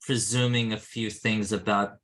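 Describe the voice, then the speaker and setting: A man's voice: fairly low pitch, fairly even intonation, normal speed, a bit bright. A man taking part in a class discussion, rambling through his question with many uses of "like" and "you know.". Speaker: class participant.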